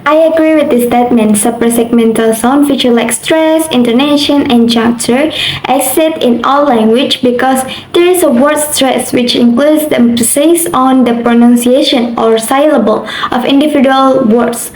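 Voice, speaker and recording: A woman's voice: sits high, normal speed, darkish tone. A young woman from Indonesia, a university student carefully reading a class assignment aloud, with occasional slips. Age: young adult. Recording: roomy echo, faint background noise.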